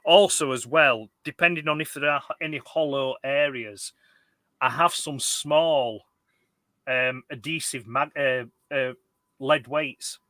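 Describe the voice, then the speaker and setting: Man, casual toy chat, bright tone, dry close sound, rambling. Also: mid-range voice, takes it slowly, no room sound. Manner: rambling, with many restarts. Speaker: co-host of a toy collector chat.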